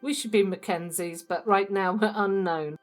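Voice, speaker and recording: An upbeat woman hosting her own gaming channel, chatting casually as she plays. She speaks straight to her viewers at a mid pitch, and faint music sits underneath her voice. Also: moderate pace. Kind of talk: casual let's-play commentary.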